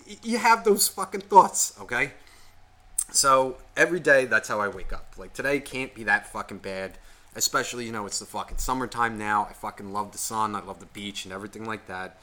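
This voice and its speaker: Podcast co-host, man, bright animated delivery, profane and rambling. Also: medium pitch, brisk. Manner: animated, heavy swearing, rambling storytelling. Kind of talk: casual profane chat.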